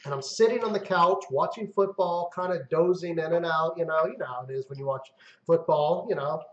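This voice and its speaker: A man with a high voice hosts a casual live-stream chat. He tells stories excitably, swears freely and acts out his own outbursts. The sound carries a roomy echo. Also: a little fast, muffled recording. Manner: excitable storyteller, swears, mimics himself loudly. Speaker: host.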